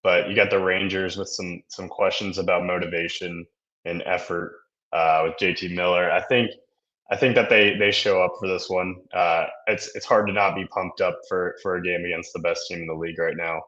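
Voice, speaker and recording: A man's voice: deep voice, steady tone, normal speed, fairly bright tone, dull audio. A man giving his betting pick, often repeating words as he gets going, with self-deprecating humor. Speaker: betting analyst. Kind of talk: sports betting analysis.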